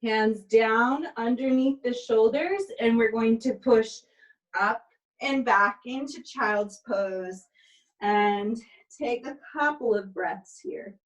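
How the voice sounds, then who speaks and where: A tired woman instructor calmly cueing pilates moves and counting through the reps, recorded on a camera mic a few steps away in an indoor studio. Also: on the high side, takes it slowly, recorded from a distance, poor audio. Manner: calm step-by-step cueing with counts. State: tired, yawning. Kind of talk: guided exercise instruction. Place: indoor exercise space.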